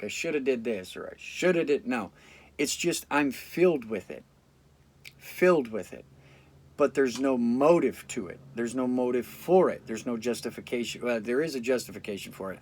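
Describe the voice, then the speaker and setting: A tired man talks straight into the camera, blunt and reflective, swearing freely as he thinks aloud. His voice sits at an everyday middle pitch. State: fatigued after a sleep deprivation study. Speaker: vlogger. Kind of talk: casual talk to camera.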